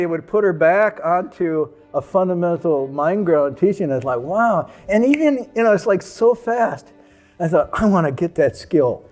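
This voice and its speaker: A man who is a Buddhist monk, telling stories about his teacher and acting out the people in them. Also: a little high. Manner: animated, acts out the people in his story. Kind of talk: anecdotal storytelling.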